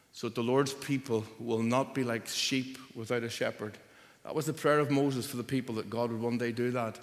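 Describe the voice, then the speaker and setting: In a church hall, a male preacher delivers a sermon in a mid-pitched voice that rings with long reverb. His delivery is emphatic: he climbs loud on key phrases, then sinks quiet at their ends for stress.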